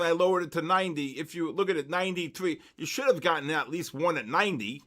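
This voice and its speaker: A man's voice: a little high, quick pace, few pauses. Older man telling stories, trading live. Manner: storytelling, then loud excited market calls. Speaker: trading session host. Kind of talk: live trading stream chat and storytelling.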